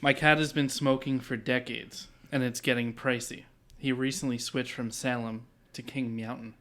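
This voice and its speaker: A man co-hosting a podcast, trading quick casual banter. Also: mid-range voice, little pitch movement, a bit bright. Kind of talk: casual chat.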